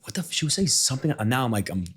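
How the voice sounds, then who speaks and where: Fast-talking, husky man hosting a podcast. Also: mid-range voice, big pitch swings. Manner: quick interjections, laughs along. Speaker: podcast host. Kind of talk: casual interview chat.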